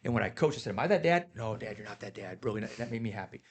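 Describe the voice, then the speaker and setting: A man's voice: on the low side, expressive, very fast. A man on a podcast telling heartfelt stories about his kids in casual chat, getting emotional. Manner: earnest, emotional storytelling. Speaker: podcast guest.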